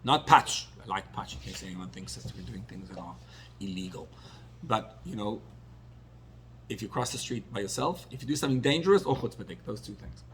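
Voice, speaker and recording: A man's voice: fairly low pitch, animated, brisk, slight background noise. A man, a rabbi, teaching a class in a conversational way, telling personal stories and dropping Yiddish and Hebrew terms.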